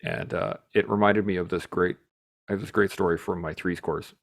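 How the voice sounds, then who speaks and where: A man hosting a podcast, telling stories in a casual, animated way, swearing freely and laughing as he talks. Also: low-pitched, brisk, creaky. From Canada. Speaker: podcast host. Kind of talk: casual storytelling chat.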